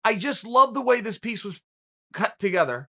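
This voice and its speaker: A male host with a high, bright voice talks through a story. His delivery is animated and casual, full of asides to the listener. The tone is forceful. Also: normal speed, creaky. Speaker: podcast host. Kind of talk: casual commentary monologue.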